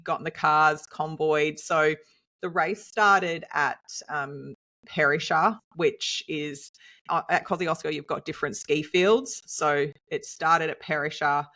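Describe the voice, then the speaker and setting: An Australian woman co-hosting a podcast, telling a story in a lively, chatty way and laughing often. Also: low voice. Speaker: podcast co-host and nutritionist. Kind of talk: casual storytelling chat.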